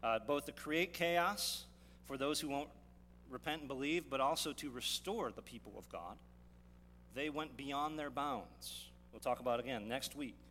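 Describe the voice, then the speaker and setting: A male pastor delivers a teaching sermon at a middle pitch, pausing to ask his listeners rhetorical questions and often restarting his phrases. His voice carries a long reverb from a large hall. A faint hum sits underneath it. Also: a bit bright.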